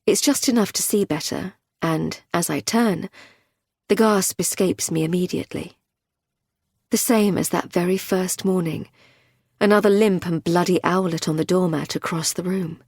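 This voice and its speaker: Low husky woman narrating a thriller. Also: normal speed, a little mellow, no echo, studio quality. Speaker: audiobook narrator.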